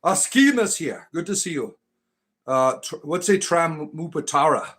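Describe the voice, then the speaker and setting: A man's voice: on the high side, lively intonation, measured pace, a bit bright. A man hosting a casual live stream, rambling and joking as he greets viewers by name.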